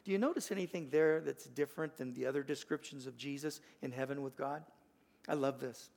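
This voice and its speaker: An older man preaching a sermon as pastor, earnest, swinging from loud emphasis to a hushed, gentle invitation. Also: mid-range voice, fairly quick, gravelly. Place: church sanctuary.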